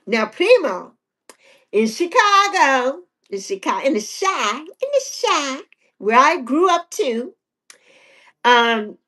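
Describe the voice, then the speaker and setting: A woman's voice: fairly high pitch, fairly bright tone. A woman in her sixties hosting a casual livestream chat with viewers, playful and teasing. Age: 60s. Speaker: livestream host.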